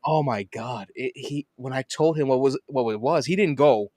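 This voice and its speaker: A man hosting a podcast in casual chat, an animated storyteller who swears and laughs often. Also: mid-range voice, normal speed, no room sound, clean studio sound. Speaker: podcast host.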